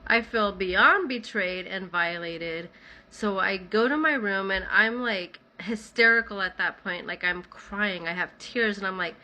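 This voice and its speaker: Bright-voiced woman telling a personal story. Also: mid-range voice, unhurried. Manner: conversational, many "like" fillers. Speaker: vlogger telling her own story. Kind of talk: casual first-person storytelling.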